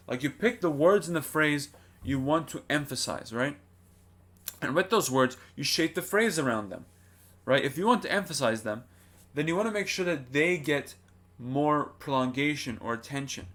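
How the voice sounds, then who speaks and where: Speaking at a medium pitch with a fairly bright tone, this male singing teacher delivers a vocal lesson straight to camera. His explanations stay simple, and he often pauses to pose rhetorical questions.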